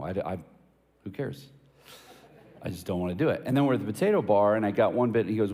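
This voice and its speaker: Lively low-voiced preacher in a reverberant hall. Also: male voice, brisk, pauses often. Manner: casual storytelling with jokes, emphatic questions. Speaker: pastor. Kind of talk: sermon. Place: church hall.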